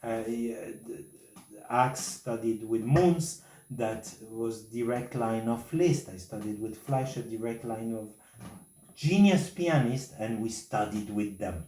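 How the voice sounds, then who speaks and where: A man coaches a pianist in a masterclass, speaking English with non-native phrasing and singing short rhythms to make his points. His voice is dark and mellow. It is picked up from a distance, in a room with audible echo. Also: medium pitch, measured pace, slight background noise. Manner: sings and scats rhythms to demonstrate. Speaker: piano teacher. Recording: roomy, from a distance.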